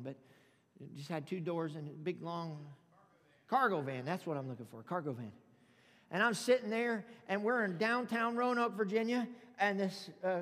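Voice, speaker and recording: A man preaching a sermon to a congregation, calling out for amens and exclaiming loudly between points. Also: sits high. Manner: preaching with loud exclamations and call-outs. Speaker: pastor. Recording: music under reverberant hall.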